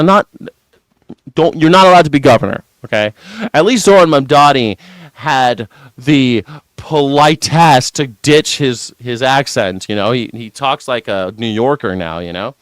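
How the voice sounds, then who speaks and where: A man's voice: medium pitch, unhurried, dry recording. A man hosting a news reaction show, ranting in a sarcastic and profane way. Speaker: host.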